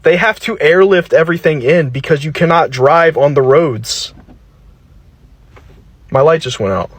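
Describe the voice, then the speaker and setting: Man, fairly high voice, heated and sarcastic, dry sound. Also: expressive, unhurried, no room sound. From western North Carolina. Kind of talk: angry reaction video.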